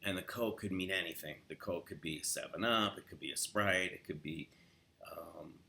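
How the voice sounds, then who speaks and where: In a relaxed accent lesson, this Los Angeles man shows the Southern California way of pronouncing words through quoted example sentences. He speaks at a moderate pace in a low, gravelly voice.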